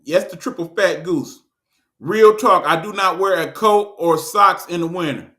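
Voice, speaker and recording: A man's voice: high voice, measured pace, pushed and bright. A man with a Detroit accent hosting his own online show, ranting in a blunt, profane, joking way. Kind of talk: casual ranting monologue.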